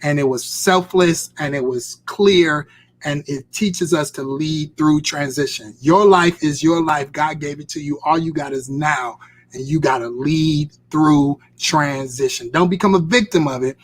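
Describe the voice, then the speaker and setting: Male host-preacher, urgent and repetitive, voice sits a touch high. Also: measured pace. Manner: fervent, urging, repetitive exhortation. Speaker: host and pastor. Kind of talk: live-stream sermon talk.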